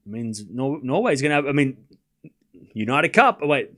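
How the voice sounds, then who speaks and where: A man hosts a tennis watchalong livestream, joking with chat and reading out the scores as play goes on. His mid-range voice holds a normal speed, and the commentary stays animated and casual.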